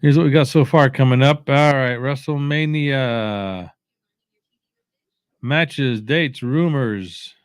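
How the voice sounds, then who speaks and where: A man hosting a watch-along, rambling casually with strong opinions, halting often with fillers and restarts, sounding sleepy. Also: medium pitch, smooth, no room sound, studio quality. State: sleepy, yawning.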